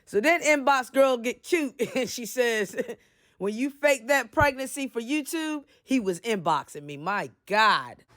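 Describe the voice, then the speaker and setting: A woman's voice: fairly high pitch, lively intonation, measured pace, fairly bright tone. A woman hosting a gossip commentary, blunt and sassy, laughing often as she reads posts aloud. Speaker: gossip channel host.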